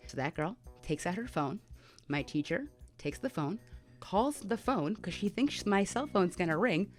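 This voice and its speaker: Woman vlogger, lowish voice, candid personal storytelling, chatty, lots of fillers, soft music behind. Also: animated, brisk. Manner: candid, conversational, with many fillers. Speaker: mental health vlogger.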